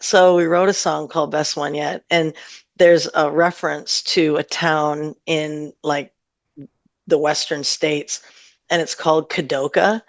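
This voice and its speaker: Gravelly-voiced chatty woman. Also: sits low, level tone, unhurried, no room sound. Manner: chatty and warm, laughs often, rambles with fillers. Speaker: singer-songwriter guest. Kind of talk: casual interview chat.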